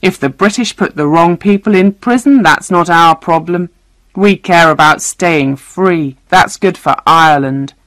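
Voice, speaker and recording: Storybook villain: a cold, curt terrorist man, read by a woman, low and unhurried. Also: a bit bright, dry recording. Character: cold, violent male terrorist.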